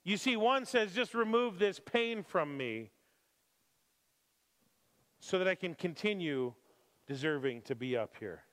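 A man preaching a sermon who moves from calm scripture reading to impassioned, emphatic preaching with repeated phrases. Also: high-pitched, measured pace, pauses often. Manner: emphatic repetition. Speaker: pastor. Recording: long hall reverb.

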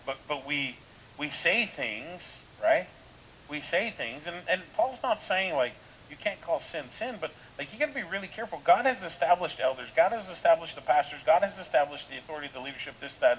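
A male pastor delivering a sermon in a loose, conversational way, firing off rhetorical questions and restarting his sentences. His voice sits a little high for a man. A faint hiss runs under the recording. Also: animated, fairly quick, fairly bright tone, rough recording.

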